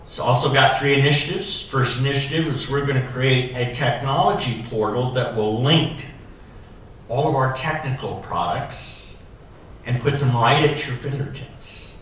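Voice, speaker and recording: A man's voice: medium pitch, normal speed, fairly bright tone, slight background noise. Echoey, distant man telling a humorous story. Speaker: society president giving a keynote. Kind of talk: keynote speech with personal anecdote. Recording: echoey hall, voice from far off.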